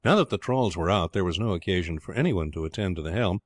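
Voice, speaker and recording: A man narrating an adventure novel with a steady, measured reading. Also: sits low, dry recording. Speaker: audiobook narrator. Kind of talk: scripted narration.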